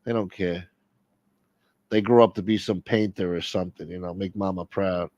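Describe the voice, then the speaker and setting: Brief: rambling, profane male stream host, low voice, dry close sound. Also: fairly even intonation, normal speed, a little mellow, dry recording, highs cut off. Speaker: livestream host. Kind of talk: casual live-stream chat.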